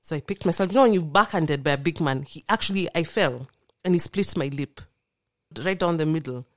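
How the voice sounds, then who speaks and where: A young woman guest on a podcast tells a personal story a little fast, her low voice earnest and animated as she performs the quoted voices. The recording is close and dry.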